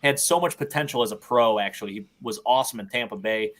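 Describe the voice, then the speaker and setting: An upbeat man hosts a sports podcast in casual chat, sounding enthusiastic about the players he brings up. His voice sits at an ordinary middle pitch. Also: quick pace, a bit bright. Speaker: podcast host.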